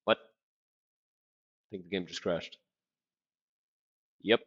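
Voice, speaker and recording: A man's voice: low-pitched, fairly even intonation, extremely slow, fairly bright tone. A man streaming a video game with wry, offhand, casual commentary. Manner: wry, offhand, reads game text aloud. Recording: dull lo-fi stream audio with music.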